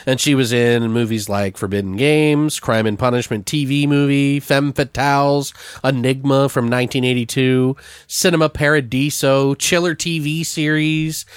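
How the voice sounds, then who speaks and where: A man's voice: medium pitch, steady tone, moderate pace, clean tone, no room sound. Podcast host, male, casual and profane, reads film trivia, dry close sound. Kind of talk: casual movie podcast chat.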